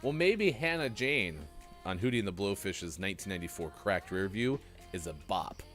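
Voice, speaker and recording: Hosting a casual live-stream radio morning show, a man jokes and rambles with his co-host in a lively way. His pitch is fairly low, his speed normal, and faint music plays behind him.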